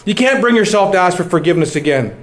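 A man's voice: sits high, animated, fast talker. A middle-aged man preaching a sermon, earnest and building to emphatic exhortation. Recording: echoey room.

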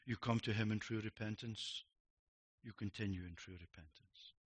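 A middle-aged man preaching a sermon, emphatic, swinging between loud declarations and quiet reflective lines. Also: fairly low pitch, fairly even intonation, moderate pace, husky.

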